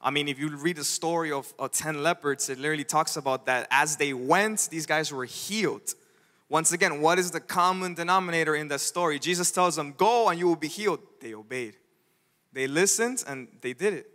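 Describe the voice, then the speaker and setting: Bright-voiced male pastor in a reverberant hall. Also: a little high, moderate pace. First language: Spanish. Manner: animated storytelling, acting out quoted voices. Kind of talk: sermon. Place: church sanctuary. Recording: church hall with long reverb.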